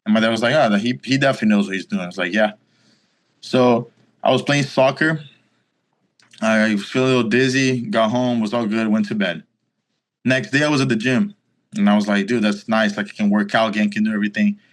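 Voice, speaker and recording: Brisk and fairly low in pitch, this young man from Brazil, in his twenties, carries a Brazilian accent from his first language, Portuguese. He's an interview guest telling a story casually, acting out the dialogue with animation and leaning heavily on "like."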